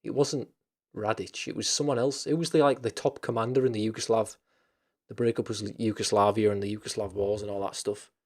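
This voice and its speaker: A man's voice: lowish voice, fairly even intonation, brisk, darkish tone. A man hosting a casual chat stream, rambling loosely with lots of fillers, restarts and casual swearing.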